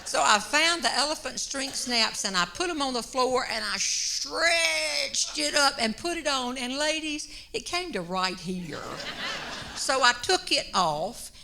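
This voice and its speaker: A woman, a humorist telling a long comic story on stage, drawing out her words with animated timing. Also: sits high, crowd noise. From North Carolina. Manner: drawn-out, animated delivery with comic pauses. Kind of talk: stand-up storytelling. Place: stage before a live audience.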